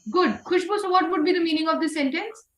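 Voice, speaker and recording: A woman's voice: extremely high pitch, quick pace. A woman leading an online communication class, encouraging students and repeating praise. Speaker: voice and communication trainer. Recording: roomy echo.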